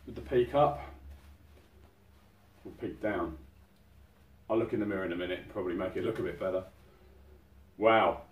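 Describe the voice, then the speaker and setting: A man's voice: sits low, normal speed, pauses often. A man hosting an outdoors channel, chatting casually through an unboxing and exclaiming in amazement at each item. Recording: roomy sound from a distant mic.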